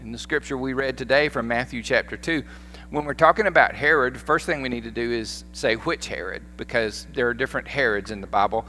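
A Southern American pastor preaching in a folksy, animated storytelling way, his voice at a man's middle pitch. The sermon rings through a church sanctuary with a long echo, and a faint hum sits underneath. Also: brisk.

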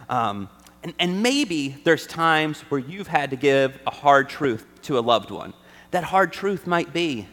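A man's voice: on the high side, expressive, normal speed, a bit bright. A man preaching a conversational sermon to a congregation, often checking in with his listeners with "right?". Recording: long hall reverb.

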